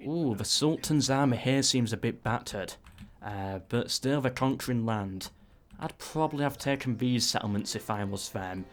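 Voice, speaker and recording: A man giving casual play-by-play commentary on a strategy game, breaking into excited asides. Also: mid-range voice. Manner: excitable, frequent "ooh"s and asides.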